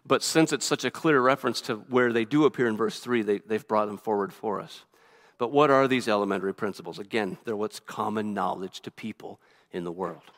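A male pastor preaching a sermon quickly and earnestly, often restarting his phrases. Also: on the low side, fairly bright tone. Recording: reverberant hall.

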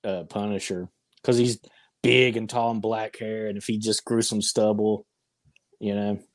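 A man on a casual podcast chat, cracking dry deadpan jokes. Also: on the low side, a little slow. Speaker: podcast co-host.

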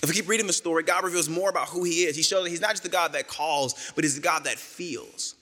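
A male pastor preaching a sermon in a casual, joking storytelling manner, slipping into quick quoted voices. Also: on the high side, sharp tone, in a large hall.

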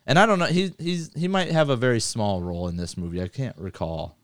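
A man hosting a casual movie podcast, talking loosely with swearing and rattling through a list fast. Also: medium pitch, no room sound. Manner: loose, profane, reads lists quickly. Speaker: podcast host.

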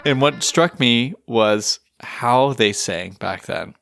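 A man's voice: medium pitch, slow, creaky, a bit bright, no room sound, faint music behind. Chatty male podcast co-host, dry sound. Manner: chatty, joking, plays song clips. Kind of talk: casual chat.

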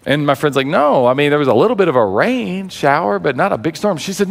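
Animated preacher in a reverberant hall. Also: male voice, fairly high pitch, brisk, gravelly, hardly any pauses. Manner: animated storyteller acting out quoted voices. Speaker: pastor. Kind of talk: sermon.

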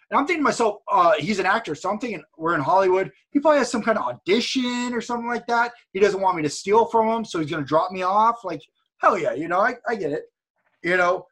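A man speaking as a guest over a video call, telling a story in an energetic, profane way and repeating words as he goes. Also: sits high, fast, slightly rough. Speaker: guest, streamer and wrestler. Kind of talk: casual storytelling chat.

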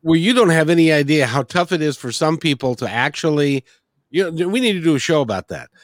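A man's voice: on the high side, expressive, a little fast, no echo, studio quality. A man hosting, asking curious questions and laughing easily in casual talk. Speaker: host. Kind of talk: casual interview.

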